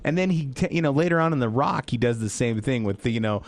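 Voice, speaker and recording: A man co-hosting a radio movie show in casual chat, animated and fond of acting out lines from films. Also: medium pitch, fast talker, dry recording. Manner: animated, acts out movie lines in bursts of raised voice.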